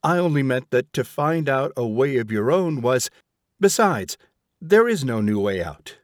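A man's voice: medium pitch, very animated, a little slow, no room sound, clean studio sound. A man putting on a prim, haughty woman. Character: prim, haughty woman, fussy and easily shocked. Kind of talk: audiobook character voice.

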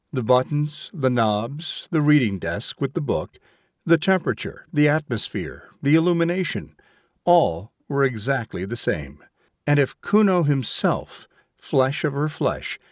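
A man narrating an audiobook in a measured, expressive way. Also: mid-range voice, no room sound, clean studio sound.

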